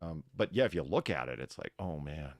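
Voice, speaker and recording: A man's voice: extremely low pitch, animated, a little fast. A man hosting a casual chat, rambling with many fillers and restarts. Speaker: podcast host.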